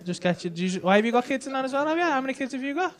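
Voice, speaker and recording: A man's voice: very high-pitched, very animated, racing. A man doing stand-up crowd work in a comedy club, teasing audience members with brash, sweary banter. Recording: live club set with loud audience laughter.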